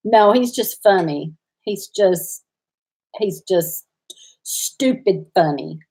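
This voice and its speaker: A woman's voice: mid-range voice, takes it slowly, mellow, husky. Chatty laughing Southern woman host. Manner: chatty, laughs a lot, reads comments aloud. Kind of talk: casual livestream chat.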